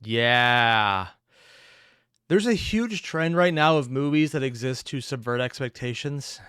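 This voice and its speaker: A man's voice: mid-range voice, animated, slow pace, a bit bright, smooth, no room sound, clean studio sound. A man giving casual reaction commentary, rambling and opinionated with self-deprecating asides. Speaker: reaction streamer.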